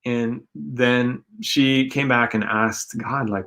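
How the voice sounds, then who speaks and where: A man's voice: mid-range voice, moderate pace, few pauses, a bit bright. A man co-hosting a casual faith talk show, speaking earnestly and rambling with many fillers. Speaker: co-host.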